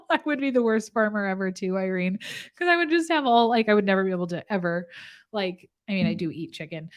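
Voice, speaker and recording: A chatty woman talks casually with her viewers at a medium pitch, breaking into giggles mid-sentence. She speaks loosely and playfully, like a nurse practitioner off duty. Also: lively intonation, brisk. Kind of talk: casual live chat with viewers.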